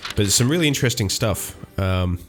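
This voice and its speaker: A man's voice: on the low side, animated, fairly quick, over music. An Australian man giving casual gameplay commentary, rambling with many ums and restarts. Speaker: gaming YouTuber.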